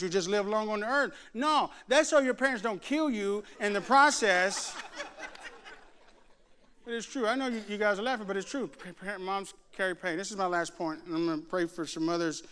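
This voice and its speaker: A man's voice: high voice, a little hiss or hum. A middle-aged man preaching a sermon, telling stories with humor and acting out the voices of others. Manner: animated, jokes and mimics voices. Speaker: pastor. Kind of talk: sermon with storytelling. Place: church before a laughing congregation.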